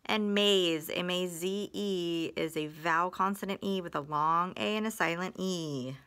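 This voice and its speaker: A woman walks through phonics lessons at an unhurried pace. Her voice is bright and a little forceful, and she draws out every example word and sentence with patient care. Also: lowish voice, clean tone. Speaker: phonics teacher.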